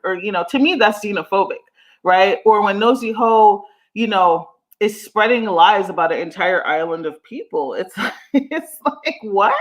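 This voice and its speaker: A woman's voice: mid-range voice, animated, measured pace. A woman from Jamaica hosts a casual livestream. She talks frankly and animatedly to her chat, swears freely and breaks into laughter. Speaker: livestream host.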